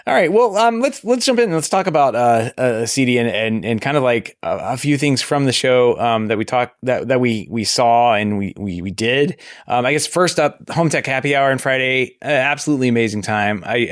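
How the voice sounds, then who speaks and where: A man hosting a casual podcast chat, his voice still hoarse and recovering, who rambles with many restarts and laughs often from his home desk. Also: mid-range voice, normal speed, few pauses, no echo, studio quality. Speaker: podcast host.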